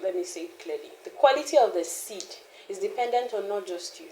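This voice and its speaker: Woman guest, candid storyteller, laughs often, lively delivery, mid-pitched, roomy echo. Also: fairly quick. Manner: animated, laughs often, trails off and restarts. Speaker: founder of a mothering community, interview guest.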